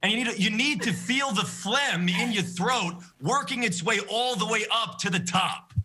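A man's voice: sits high, animated, normal speed, pushed and bright, breathy edge, voice pushed up, full character voice. A young man impersonating an older male doctor, with a lecturing, throaty delivery. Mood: explaining.

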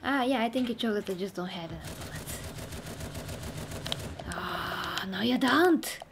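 A woman's voice: mid-range voice, measured pace, noisy background. A woman giving casual gameplay commentary, chatting to herself and exclaiming at the game. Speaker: gaming channel host.

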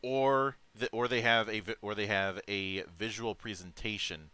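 A man in casual discussion, talking haltingly and restarting often. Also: on the low side, steady tone, sharp tone, clean tone, no room sound. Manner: halting, frequent restarts and fillers.

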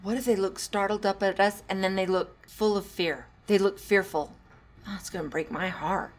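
A woman with a mid-range voice hosts a solo talk show on parenting. She draws on her time as a teacher and tells stories with animated swings in volume. Her quieter passages drop almost to a hush. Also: mid-range voice. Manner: animated, drops to hushed tones and laughs while telling stories. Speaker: podcast host; former teacher.

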